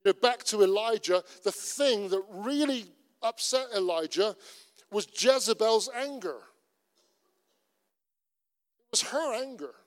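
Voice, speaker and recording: A middle-aged Cornish man delivers a sermon in a high voice. His preaching is earnest and conversational, with lots of repetition. A long church-hall reverb trails behind him. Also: expressive, measured pace, long pauses. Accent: Cornish English. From Cornwall. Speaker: pastor.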